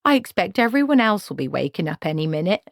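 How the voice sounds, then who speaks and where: Woman voicing a folksy old witch woman, chatty, low voice, dry close sound. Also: very animated, fast talker, dry recording. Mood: comforting.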